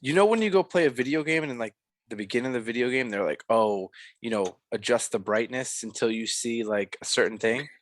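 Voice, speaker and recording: A man's voice: mid-range voice, a little fast, dry recording. A young man co-hosting a podcast, reviewing a film in a rambling, casual way full of fillers and restarts. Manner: rambling, filler-heavy, self-correcting. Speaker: podcast co-host.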